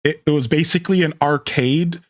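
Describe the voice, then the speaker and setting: Rambling man streamer, raised pitch. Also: a little fast. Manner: rambling, self-interrupting, reflective. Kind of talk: casual gameplay stream chat.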